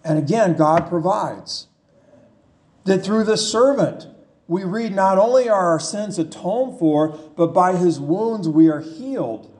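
High-voiced, slow-preaching man. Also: expressive, a little mellow. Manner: emphatic, repetitive preaching with rhetorical questions. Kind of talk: sermon.

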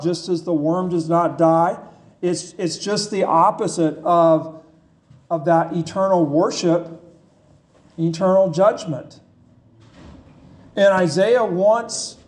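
Slow, high-voiced man preaching. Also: a little mellow. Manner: slow, conversational preaching with rhetorical questions. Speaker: pastor. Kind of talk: sermon.

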